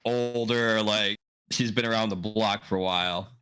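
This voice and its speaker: A man's voice: fairly low pitch, steady tone, moderate pace, sharp tone, clean tone. A man running a tabletop game as game master, loose and chatty, laughing often.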